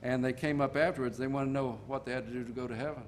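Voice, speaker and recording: An older man preaching a sermon in a folksy storytelling manner, slowing down to stress key points. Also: medium pitch, fairly even intonation, a little hiss or hum.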